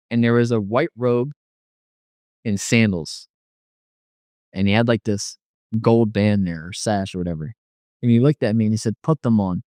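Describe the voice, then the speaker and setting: A man's voice: mid-range voice, darkish tone, dry recording, clean studio sound. A man telling his near-death experience in casual testimony, rambling with many "like" fillers and quoting what was said to him.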